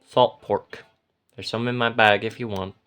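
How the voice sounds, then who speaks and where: A man voicing a quiet, reserved traveler who answers in short, understated lines. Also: lowish voice, steady tone, a little slow, clear, resonant tone.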